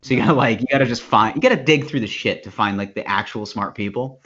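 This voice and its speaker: A man co-hosting a casual podcast, rambling and animated, slipping into voices as he retells stories. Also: medium pitch, quick pace. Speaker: podcast co-host. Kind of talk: casual chat. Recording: dull lo-fi podcast audio.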